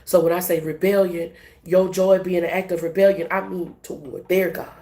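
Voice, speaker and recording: Profane animated woman tarot reader. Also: on the low side, normal speed. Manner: profane, animated, laughing, emphatic. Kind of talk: casual spiritual reading. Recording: echoey room with faint hiss.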